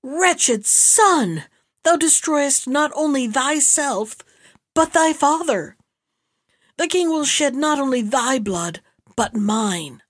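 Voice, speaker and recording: A woman's voice: mid-range voice, animated, unhurried, no echo, studio quality. A woman reading the part of an angry, proud old male vizier who speaks in anguished, old-fashioned outbursts, in her own voice. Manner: anguished outbursts in archaic speech.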